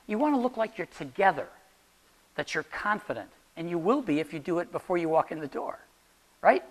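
An instructor giving a class practical interview advice in a chatty, joking way, often asking the room questions. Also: medium pitch. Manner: jokey, laughs at own jokes. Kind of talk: classroom talk on job interviews.

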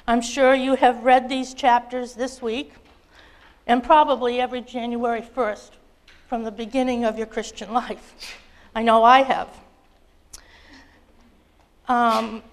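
A woman leading a Bible lesson who speaks in an earnest, gentle way with soft fillers and reads a children's story aloud. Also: on the high side. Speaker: Bible study teacher.

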